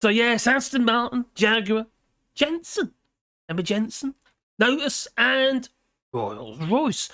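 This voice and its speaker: Reading notes aloud on a live stream, this British host in their fifties keeps things chatty, laughing often and drifting off topic. Their mid-range, sharp-toned voice has a sing-song lilt and a slightly slow pace, recorded dry with studio quality.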